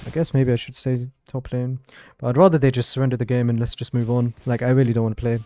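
Male streamer, live gameplay commentary, frustrated, swearing, repeats words, warm tone, soft music underneath. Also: mid-range voice, steady tone, a little fast, hardly any pauses. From Europe.

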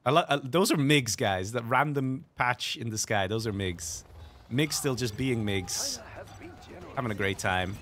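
A man's voice: mid-range voice, measured pace, fairly bright tone. A man giving casual, self-mocking commentary while playing a strategy game online, laughing often. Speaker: game streamer. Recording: faint game music behind.

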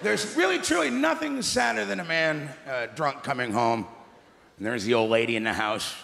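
A middle-aged man doing stand-up comedy on a large theatre stage, gruff and ranting with deadpan asides. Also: on the high side, moderate pace, background noise. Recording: echoey theatre with loud laughing crowd.

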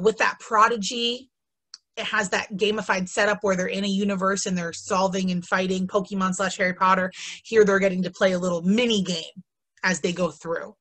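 A woman's voice: mid-range voice, fairly bright tone. A woman teacher presenting a webinar in a casual, chatty and enthusiastic way, with frequent ums and asides. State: has the hiccups. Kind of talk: casual instructional webinar talk.

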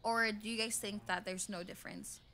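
A woman's voice: medium pitch, fairly even intonation, moderate pace, noisy background. A woman streaming a game, chatting casually with her chat, swearing often and breaking into squealing laughs.

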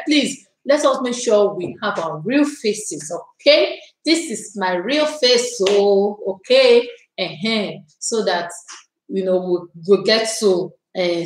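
A woman with a Nigerian English accent hosting a casual live stream, greeting viewers by name and chatting with drawn-out words. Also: fairly high pitch, echoey room, poor audio.

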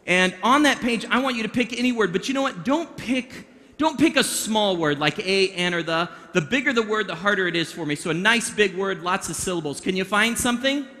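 In long hall reverb, a man doing a mind-reading show for young people keeps up playful, interactive patter and guides his volunteers. His voice sits high and sounds pushed and bright.

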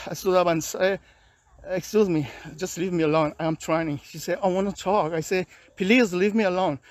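A high-voiced man talks to his camera from a park, his halting and restless. He sounds worn out and agitated. The sound is dry and close, with no room echo. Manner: agitated, weary, halting non-native English. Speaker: vlogger. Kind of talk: personal video complaint. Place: outdoors in a park.

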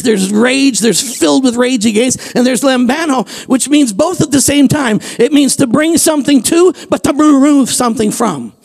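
High, gravelly-voiced preaching pastor. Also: male voice. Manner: animated, rising to shouts. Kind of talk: sermon. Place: church.

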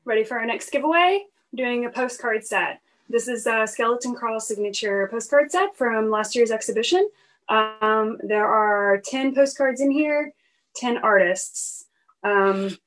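Chatty woman host with a higher voice. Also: unhurried. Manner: relaxed, chatty, with fillers. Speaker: show host. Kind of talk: casual chat.

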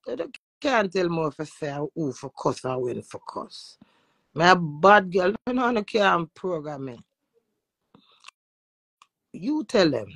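A woman with a Jamaican accent, a social media influencer, talking loudly and boastfully in casual patois and swearing freely. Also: fairly low pitch, dry recording. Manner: loud, profane and boastful. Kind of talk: brash casual talk in patois.

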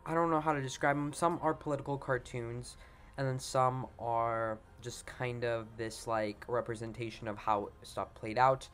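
Rambling young man narrating a slideshow. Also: mid-range voice. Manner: rambling, hesitant, heavy on fillers like "like" and "you know". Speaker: channel host. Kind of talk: casual voice-over for a history slideshow.

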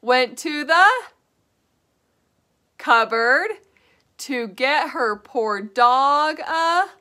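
Brief: young female preschool teacher, sing-song and unhurried, high-pitched. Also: bright, forceful tone. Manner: sing-song, drawn-out phrasing for small children. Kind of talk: children's lesson and nursery rhymes.

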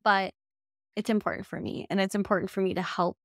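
A woman's voice: mid-range voice, steady tone, fairly quick, fairly bright tone, no room sound, clean studio sound. A young adult woman hosting a solo podcast as a business coach, talking in a casual, heartfelt and emotional way and often saying y'all.

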